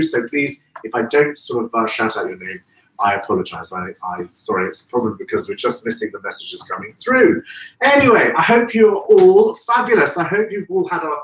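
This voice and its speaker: His voice mid-range and a bit bright, the host of a live florist stream is chatty and gushing, calling out viewers by name. He's picked up from a distance in an echoey room.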